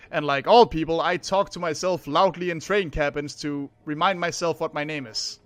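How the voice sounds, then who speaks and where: A man voicing a scheming young male heir, reading his cold, measured narration aloud from a game. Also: on the high side, fairly bright tone, no echo, close to an everyday voice.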